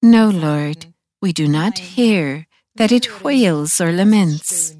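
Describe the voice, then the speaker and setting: A woman's voice: fairly low pitch, expressive, slow, mellow. A woman reading aloud as a group of humble followers answering their teacher. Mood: deferential.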